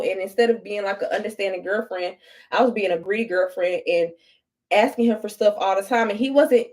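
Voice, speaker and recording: A young woman tells stories to her viewers in a casual get-ready-with-me vlog, speaking bluntly and swearing constantly. Her voice is medium-pitched and a little mellow.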